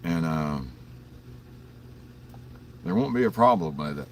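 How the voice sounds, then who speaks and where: A very deep-voiced man chats through an early-morning livestream, rambling through stories with plenty of swearing and chuckles. He sits some distance from the mic, with faint vehicle noise in the background. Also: lively intonation, takes it slowly. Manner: rambling, profane storytelling with frequent chuckles; greets viewers in chat by name. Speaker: livestream host.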